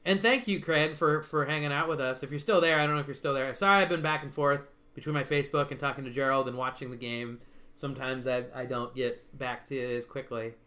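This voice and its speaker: Man, casual chat host, bright voice, rambling, many restarts. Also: mid-range voice, steady tone, fast talker. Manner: rambling, restarts, laughs often. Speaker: stream host.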